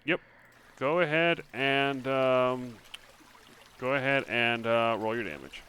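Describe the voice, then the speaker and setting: A man running a tabletop game as game master, relaxed and hesitant, with many fillers. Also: mid-range voice, slow, a little hiss or hum.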